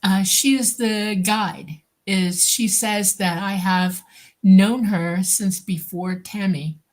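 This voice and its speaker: A woman's voice: mid-range voice, steady tone, a little mellow. Woman describing visions under hypnosis. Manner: slow, halting, describing visions. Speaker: hypnosis client.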